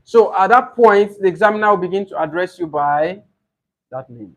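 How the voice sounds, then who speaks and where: A man teaching exam preparation for English speaking tests, explaining slowly and repeating model answers aloud. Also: high-pitched. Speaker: IELTS tutor.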